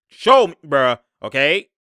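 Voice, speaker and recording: A man doing casual, slangy basketball film breakdown, laughing often and shouting at the players on screen. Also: on the high side, big pitch swings, slow, clear, resonant tone, no room sound, clean studio sound. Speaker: sports commentator breaking down game film. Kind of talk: casual game breakdown commentary.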